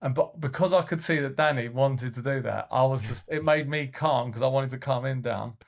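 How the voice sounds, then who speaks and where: Gravelly man, rambling chat. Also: medium pitch, fairly quick. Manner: rambling storytelling with many fillers and restarts. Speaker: podcast co-host and youth football coach. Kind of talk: casual podcast chat.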